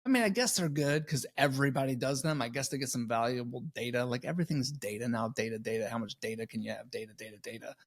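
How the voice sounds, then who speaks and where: A man co-hosting a podcast, chatting casually and jumping in with animated jokes and questions. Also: mid-range voice, quick pace, few pauses. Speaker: podcast co-host. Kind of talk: casual chat.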